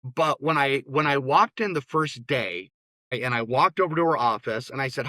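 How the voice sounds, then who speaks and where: A man's voice: mid-range voice, brisk, sharp tone, no room sound. A man, a therapist and interview guest, talking bluntly and opinionatedly, often restarting his words. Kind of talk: casual interview talk.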